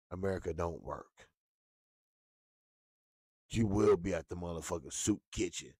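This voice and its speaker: A man hosting a casual talk show, ranting with lots of profanity and animated swings into high yelps. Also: unhurried, pauses often, slightly rough, no room sound, clean studio sound. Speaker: show host.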